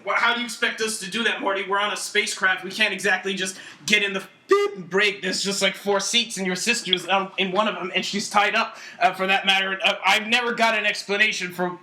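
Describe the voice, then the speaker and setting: A man's voice: high-pitched, fairly even intonation, a little fast, hardly any pauses, bright, forceful tone. Rick, a man putting on a cranky old mad scientist. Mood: grumbling. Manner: rambling, grumbling, long fancy words. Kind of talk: comedic voice improv. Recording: echoey room, distant mic, faint noise.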